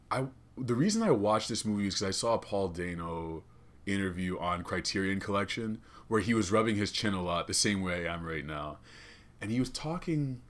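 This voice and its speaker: A young man hosting a comedy podcast, rambling and cursing in an excitable way from a small studio. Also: lowish voice. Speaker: podcast host. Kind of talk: casual comedic podcast rant.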